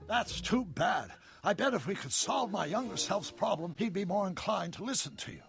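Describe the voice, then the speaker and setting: Eccentric old inventor, kinda gravelly, voice jumping all over, big outbursts, game voice acting. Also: male voice, high-pitched, expressive, moderate pace, fairly bright tone, soft background music, exaggerated voice. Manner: theatrical, with sudden outbursts. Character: eccentric excitable older male inventor.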